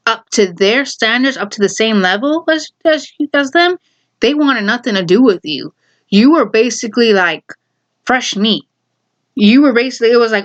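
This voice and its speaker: A woman's voice: on the high side, highs cut off. A woman vlogger telling a personal story in casual talk, heated and exasperated, swearing freely.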